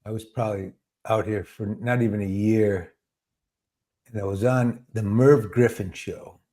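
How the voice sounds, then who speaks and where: A man's voice: lowish voice, a little slow. Older male host, easygoing storyteller. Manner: relaxed anecdotal storyteller. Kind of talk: casual interview chat.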